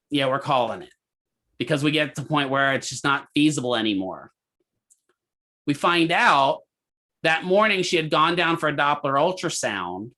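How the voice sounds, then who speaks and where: A man lecturing a physical therapy class, with a bright, forceful voice sitting a little high. He tells a clinical case like a story and stops to quiz his students. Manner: animated storyteller, asks the class questions.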